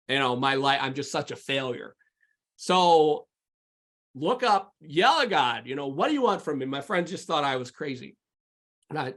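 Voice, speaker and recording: A man's voice: a little high, bright, forceful tone. A man who is a podcast guest, telling his personal faith testimony in a candid, rambling way with many fillers and restarts. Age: adult with sons.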